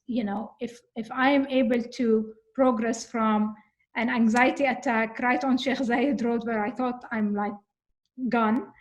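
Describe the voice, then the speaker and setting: A woman in casual conversation, talking earnestly and thoughtfully, often pausing on fillers. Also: a little high. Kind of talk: casual conversation about coping with anxiety.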